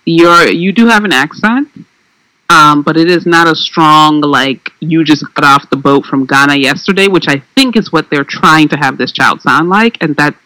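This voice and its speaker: Male co-host, slightly higher-pitched, opinionated and animated, casual chat. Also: moderate pace, no echo, poor audio.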